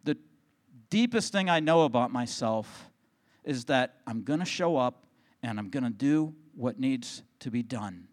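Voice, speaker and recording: A middle-aged man, a pastor, telling a personal story in a sermon, swinging from hushed, quiet passages to excited bursts. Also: medium pitch, unhurried.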